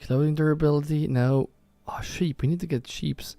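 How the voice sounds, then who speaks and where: A man from Norway with a slightly high, warm voice speaks at normal speed with fairly even intonation and no echo. As a gaming streamer, he casually comments on his gameplay live, thinking aloud and often correcting himself over faint background music.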